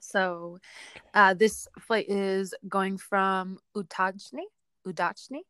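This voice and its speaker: A woman's voice: medium pitch, steady tone, slow pace, bright, forceful tone, clear, resonant tone, dry recording. A woman co-hosting a podcast, telling an aviation story in a chatty, casual way with frequent laughs and fillers. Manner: chatty, laughs often, lots of fillers and hedges.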